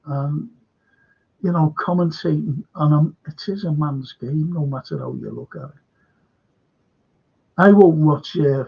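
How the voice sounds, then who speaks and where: A man's voice: a little high, gravelly, husky. An older man hosting a live stream, rambling through viewer comments in a casual chat and losing his train of thought. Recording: dull lo-fi stream audio.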